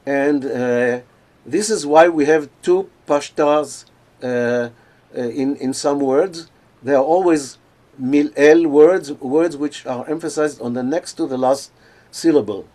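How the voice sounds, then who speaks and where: An older man giving an academic lecture over a video call, pausing often with fillers and restarts. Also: a little high, warm tone. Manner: hesitant, many fillers and restarts.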